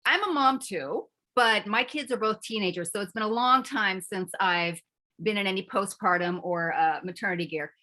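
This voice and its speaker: A woman's voice: medium pitch, moderate pace, bright, forceful tone. A woman, likely in her forties, hosting a conversational interview, asking curious, chatty questions. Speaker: interview host.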